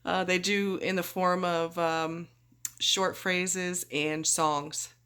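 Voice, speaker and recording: A woman's voice: on the low side, flat delivery, takes it slowly, bright, forceful tone, smooth. Chatty woman telling a surgery story. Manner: chatty, rambling, acts out quoted voices. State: groggy after surgery. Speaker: vlogger. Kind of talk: casual storytelling.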